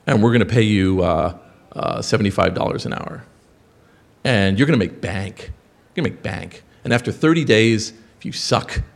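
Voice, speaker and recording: Animated man, profane storytelling. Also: gravelly. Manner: animated, swearing, jumps into high-pitched quoted voices. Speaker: speaker telling a story to an audience.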